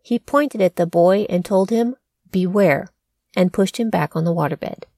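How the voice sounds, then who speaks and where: A woman's voice: medium pitch, moderate pace, warm tone, no echo, clean studio sound. A woman hosting a podcast, telling a true crime story in a conversational way with wry asides. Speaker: podcast host.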